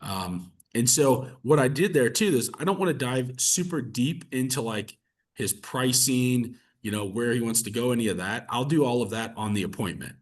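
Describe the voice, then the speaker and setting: Husky male sales coach, conversational and upbeat, mid-pitched. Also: moderate pace. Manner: energetic, conversational, fillers like "like" and "right?". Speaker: real estate coach. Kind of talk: coaching session with role-play practice.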